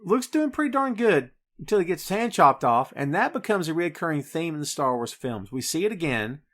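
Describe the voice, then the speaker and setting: A man's voice: a little high, fairly quick. A man hosting a podcast, chatting casually and with energy about a film and addressing his listeners directly. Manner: animated, addresses listeners as folks and kids. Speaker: podcast host. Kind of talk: casual movie review chat.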